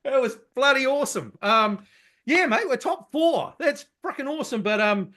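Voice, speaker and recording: A middle-aged man, co-hosting a casual sports podcast, talking excitably and swearing freely. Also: extremely high pitch, normal speed. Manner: excitable, loud, swears freely, mimics people. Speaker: podcast co-host.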